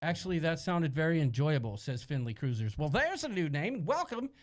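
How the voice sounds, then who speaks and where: A Midwestern American man co-hosting a casual live-stream chat, jokey and animated, reading out viewer comments. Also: fairly high pitch, brisk. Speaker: co-host.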